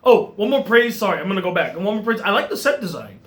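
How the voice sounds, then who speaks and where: A man giving a casual film review in an animated way, often laughing and restarting his sentences. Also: high voice, fast talker. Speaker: movie reviewer.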